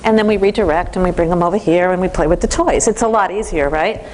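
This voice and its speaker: A woman giving a parenting training lecture in an animated way, acting out the voices of teens and parents. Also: lowish voice, fast talker, hardly any pauses, a little hiss or hum.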